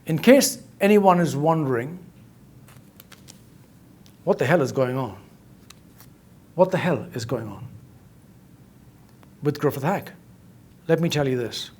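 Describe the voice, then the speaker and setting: A man's voice: fairly high pitch, animated, takes it slowly, long pauses, darkish tone. A man making an emphatic, accusatory statement at a press conference, repeating his key phrases. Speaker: inventor speaking at a press conference.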